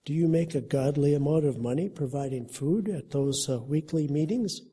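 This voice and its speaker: A man delivers a sermon in an earnest, conversational manner, reading a story aloud and giving its characters light voices. His tone is husky and very dark, mellow rather than bright. His pitch sits a little high for a man. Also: normal speed. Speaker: preacher.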